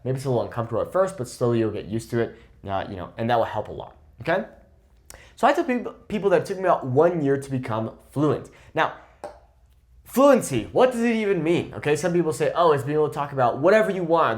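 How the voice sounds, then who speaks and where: Lively young man teaching, animated pitch. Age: 20s. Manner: lively, emphatic, repeats "okay?" to check in. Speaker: Spanish teacher. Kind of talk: casual talking-head lesson.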